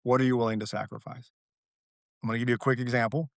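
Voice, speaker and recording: Male guest, middle pitch, earnest storyteller who leans on repetition; dry, close sound. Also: flat delivery, fast, gravelly, no room sound. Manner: earnest, dramatic storyteller who repeats key phrases. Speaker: guest, author and athlete. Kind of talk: reflective podcast conversation.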